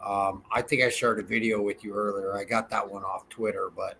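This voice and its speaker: A man chatting on a podcast, hesitant and halting as he stumbles through restarts. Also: fairly low pitch, flat delivery, creaky, sharp tone, slight background noise, poor audio. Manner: hesitant, many fillers and restarts. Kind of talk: casual chat.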